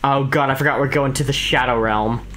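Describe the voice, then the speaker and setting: Her voice is a rumbling low one with a fairly bright tone, fairly even intonation, and a slightly fast pace. She's a young gaming YouTuber chatting casually through a co-op game with a friend and reacting out loud to what happens on screen.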